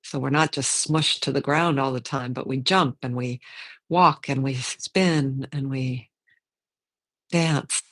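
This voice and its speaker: The voice is mid-range with fairly even intonation. It belongs to a yoga teacher who gently talks a class through slow movement and meditation at an easy pace, thinking out loud and fixing their own words.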